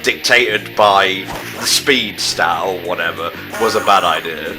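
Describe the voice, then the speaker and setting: A man's voice: sits low, a little slow, music in the background. A man giving casual, sarcastic gaming commentary while playing with friends, swearing freely. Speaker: let's play commentator.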